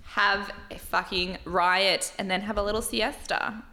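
A woman's voice: mid-range voice, steady tone, a little slow, pushed and bright. A woman with an Australian accent hosting a reality TV recap in casual chat, gushing, swearing freely and giggling often.

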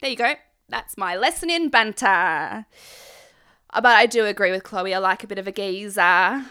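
A woman's voice: mid-range voice, moderate pace, pushed and bright, clear, resonant tone. A young woman recapping a reality show in a casual, sarcastic, swearing manner. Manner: irreverent, sarcastic, swears freely. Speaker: recap vlogger.

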